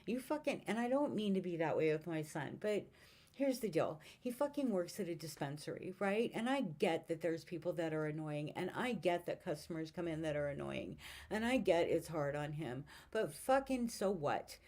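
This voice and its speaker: Fifty-something woman venting into a far-off mic, lowish voice, swears a lot, keeps rambling. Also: lively intonation, moderate pace, a little mellow. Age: 50s. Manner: frustrated, rambling, swears often. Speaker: vlogger. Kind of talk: casual venting monologue. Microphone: mic set far away.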